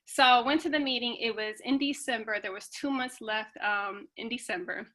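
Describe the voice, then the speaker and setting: A woman speaking as a guest in casual storytelling, animated and acting out the voices of people in her story. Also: a little high, normal speed. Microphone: video call.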